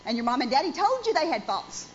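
High-voiced woman preaching a sermon. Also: big pitch swings, fast. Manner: emphatic, asks the congregation questions. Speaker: pastor. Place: church. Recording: dull lo-fi sound with faint noise.

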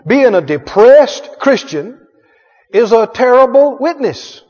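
A man's voice: very high-pitched, sing-song, slow pace, a little mellow. A male pastor preaching with emphatic call-and-response and frequent chuckles. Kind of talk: sermon. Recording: echoey hall, dull sound.

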